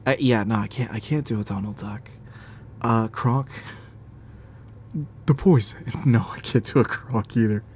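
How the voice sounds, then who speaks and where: A man's voice: fairly low pitch, fairly even intonation, normal speed, darkish tone, slight background noise. A man streaming a game, chatting casually, laughing often and grumbling about the game.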